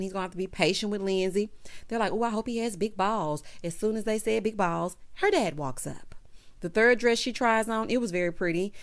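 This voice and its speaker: A woman giving a sassy, casual recap of a reality show, often calling people "child" and "honey.". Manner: sassy, animated, laughs loudly, says "child" and "honey"; acts out cast members in high voices.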